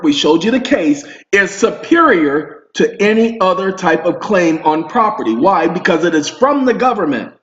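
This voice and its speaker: A man hosting an online video, talking to his viewers in a rambling, emphatic monologue. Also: high-pitched. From Southern US roots. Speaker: video host. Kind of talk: casual monologue to camera. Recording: roomy, dull home recording.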